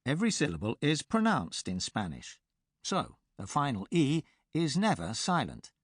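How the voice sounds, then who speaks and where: A man presenting a pronunciation course in a clear, measured teacher's delivery, recorded close on a studio mic. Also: medium pitch, huge pitch swings, no room sound. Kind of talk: scripted instructional narration.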